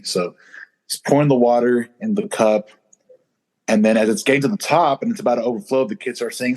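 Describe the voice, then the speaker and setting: A man's voice: lowish voice, steady tone, fairly quick, a little mellow. A man co-hosting a podcast, telling stories in a loose, rambling way full of fillers. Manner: rambling storyteller with many fillers. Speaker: podcast co-host. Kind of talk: casual chat.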